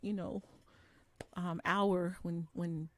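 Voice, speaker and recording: A woman's voice: lowish voice, level tone, slow pace, a bit bright. Giggly, rambling woman co-host. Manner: giggly, rambling, self-conscious. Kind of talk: casual chat.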